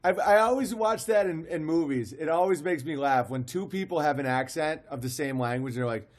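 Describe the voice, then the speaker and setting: Excited man reacting on a stream. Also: a little high, brisk, few pauses. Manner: excited, rambling, amused. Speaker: stream host.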